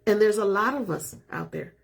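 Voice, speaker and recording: A woman's voice: medium pitch, animated, moderate pace, creaky, slightly rough. A middle-aged woman real estate agent talking casually to viewers, emphatic and self-assured. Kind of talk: casual live talk to viewers.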